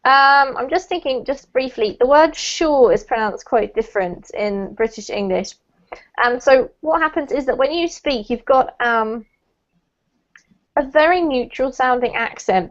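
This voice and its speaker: A woman's voice: fairly high pitch, normal speed. Encouraging woman teacher on a muffled call. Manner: encouraging, gives gentle feedback. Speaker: pronunciation teacher. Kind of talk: online group pronunciation class. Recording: muffled video call audio.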